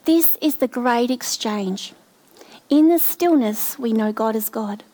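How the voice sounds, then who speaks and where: Middle-aged woman preaching, high voice, slow and heartfelt, personal. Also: animated, mellow. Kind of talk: sermon.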